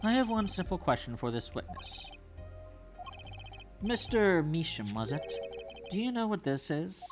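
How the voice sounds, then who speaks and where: A man voicing a calm, confident male defense attorney in a video game, steady and measured. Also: high voice, music in the background, pitched above the performer's own voice, heavily acted. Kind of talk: reading game dialogue aloud.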